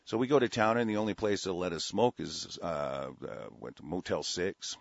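A man's voice: low-pitched, expressive, normal speed, gravelly, no echo. Profane, rambling talk radio host, man. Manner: profane, blunt, rambling with many restarts. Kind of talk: rambling storytelling and political rant on talk radio. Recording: dull, lo-fi, dry radio broadcast audio.

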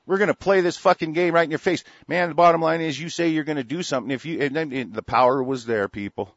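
Male commentator, furious profane rant, fairly high voice, dull dry lo-fi recording. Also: quick pace, no echo. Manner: profane, heated and repetitive. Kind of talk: angry political rant.

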